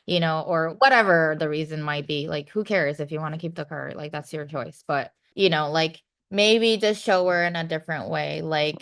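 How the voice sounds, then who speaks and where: A woman's voice: deep voice, normal speed, few pauses, fairly bright tone. Frank, casual woman giving advice. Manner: frank, conversational, many "you know" and "like" fillers. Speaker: podcast guest.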